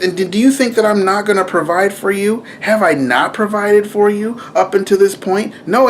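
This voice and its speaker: A young man giving a casual spiritual talk to camera, rambling and animated, with frequent asides and self-corrections. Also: on the high side, slight background noise. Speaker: video preacher.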